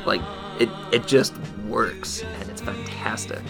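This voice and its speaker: Low, gravelly podcast man. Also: fairly even intonation, measured pace, over music. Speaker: podcast co-host. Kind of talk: casual podcast chat.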